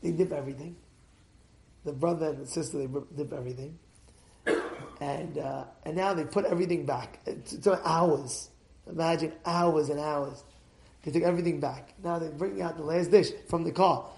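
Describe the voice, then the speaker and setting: A man who is a rabbi, telling a sermon story in an animated way, dropping to a hush and rising to shouts. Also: on the high side, normal speed, gravelly, echoey room. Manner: animated, acts out voices, swings between hushed and shouting.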